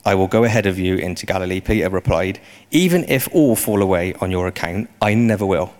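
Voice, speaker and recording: A man preaching a sermon in a conversational way, often rising into animated emphasis. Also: low voice, a little fast.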